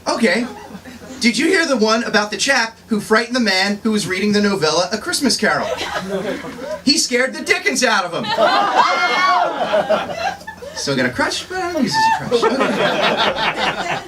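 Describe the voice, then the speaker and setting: Brash grown-up Tiny Tim, played by a man, corny live comic with a bouncy delivery; recorded from afar in a bookstore over a loud crowd. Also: high-pitched, big pitch swings, normal speed, far from the mic. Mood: boastful. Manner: hammy corny stand-up with punchlines. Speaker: stand-up comedian. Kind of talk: live character stand-up. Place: bookstore, indoors.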